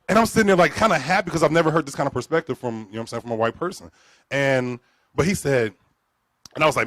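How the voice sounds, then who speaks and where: A man telling a story live on stage at a storytelling event, profane and animated, acting out both sides of a conversation. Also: medium pitch, fast, dry recording. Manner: animated, profane, acts out dialogue.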